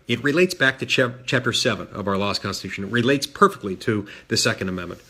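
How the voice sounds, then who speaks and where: A man's voice: mid-range voice, lively intonation, fast talker, few pauses, sharp tone, breathy edge. A man serving as a senator, telling a story in a dry, self-deprecating way with frequent fillers and restarts. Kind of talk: storytelling talk.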